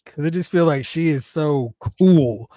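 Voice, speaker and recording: A man co-hosting a review podcast, talking casually with lots of animated play-by-play. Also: measured pace, no echo, studio quality. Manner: animated, acts out quotes with big pitch jumps; enthusiastic, a lot of rambling play-by-play.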